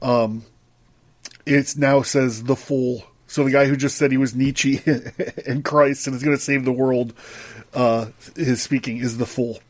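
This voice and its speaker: A man's voice: medium pitch, steady tone, a little slow. A man reading a book aloud on his podcast, acting out the quoted characters and then breaking off to comment casually. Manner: voices the characters' quoted lines, breaks off to joke and laugh. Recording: equipment sound problems.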